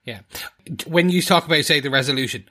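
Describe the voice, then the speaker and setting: A man co-hosting a podcast in casual chat, animated and slipping into impressions of as he talks. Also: a little high, fast. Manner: animated, mimics accents while talking. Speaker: podcast co-host.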